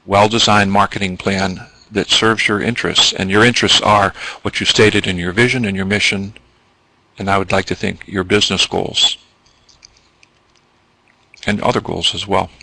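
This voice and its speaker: A man's voice: deep voice, steady tone, normal speed, gravelly, pushed and bright, dry recording, rough recording. A man presenting a business training webinar, explaining at length with ums and asides.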